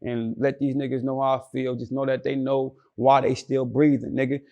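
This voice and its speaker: A man's voice: medium pitch, little pitch movement, moderate pace, darkish tone, highs cut off. A young man telling his own story as an interview guest, slangy and rambling, often repeating words.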